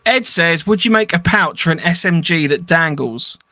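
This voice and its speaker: A man's voice: on the high side, moderate pace, sharp tone, dry recording. A man hosting a podcast, reading out listener questions in a joking, casual way.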